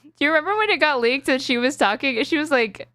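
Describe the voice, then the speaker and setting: A woman's voice: sits high, lively intonation, quick pace, fairly bright tone, no room sound. A woman co-hosting a casual chat, blunt and laughing often, swearing freely. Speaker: co-host.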